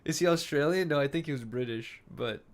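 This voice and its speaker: A man's voice: a little high, a little fast. Young man rambling a slangy story. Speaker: podcast host. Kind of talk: casual after-show chat.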